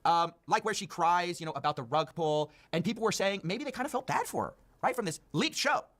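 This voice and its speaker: An online commentator recapping internet drama in a played video, sarcastic and quick. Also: medium pitch, expressive, fairly bright tone.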